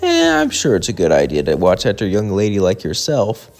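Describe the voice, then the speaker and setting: A man's voice: on the low side, huge pitch swings, fairly quick, gravelly, a little mellow, soft background music, heavily acted. A man voicing an arrogant male god of destruction in a fan-made story, blunt and threatening. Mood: smug.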